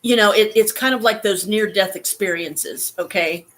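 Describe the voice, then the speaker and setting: Casual woman vlogger, shaken and holding back tears, halting speech with some swearing. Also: medium pitch. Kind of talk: emotional personal story.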